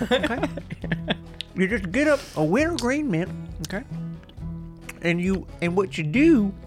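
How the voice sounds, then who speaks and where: A male podcast host riffing in a loose, joking way, his pitch bouncing all over as he teases his guest. Faint music can be heard behind him. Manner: playful, jokey, deadpan asides. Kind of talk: casual comedic chat.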